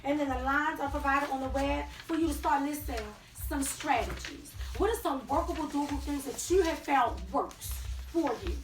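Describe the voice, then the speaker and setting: A woman leading a training workshop, talking directly to her audience in an animated way. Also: high voice, normal speed, few pauses. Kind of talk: teaching a workshop with role-play. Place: training room. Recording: echoey room from far off, faint noise.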